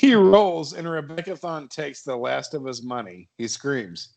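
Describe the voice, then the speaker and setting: A man's voice: a little high, a little slow, creaky, darkish tone. A man narrating a comedy horror podcast script, often laughing and stumbling over his lines.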